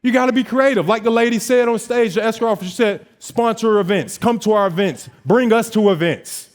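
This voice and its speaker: A man in his twenties, a notary business owner giving a motivational talk on stage, telling his story in an animated way and acting out bits of dialogue. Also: sits high, fairly quick. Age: 20s.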